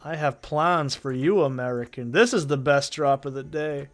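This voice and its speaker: A gaming channel host with a stuffy cold rambles casually through his gameplay commentary, swearing and leaning heavily on "like" as filler. His voice sits a little high and moves at normal speed.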